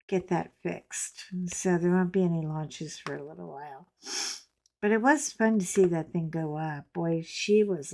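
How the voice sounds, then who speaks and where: A woman's voice: on the low side, creaky, darkish tone. A middle-aged woman chatting casually while she colors, rambling with joking asides. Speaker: coloring vlogger.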